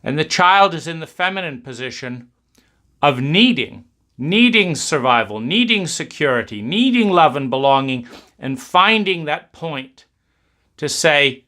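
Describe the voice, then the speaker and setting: A man giving a reflective talk, speaking in slow, emphatic, repetitive cadences. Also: fairly high pitch, lively intonation, sharp tone.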